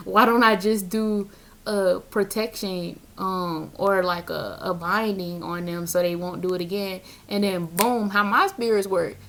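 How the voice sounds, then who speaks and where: A woman's voice: medium pitch, a bit bright, a little hiss or hum. A young woman, a tarot reader, talking casually and bluntly in a spiritual vlog, with slang and frequent laughs. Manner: blunt, slangy, laughs often between points.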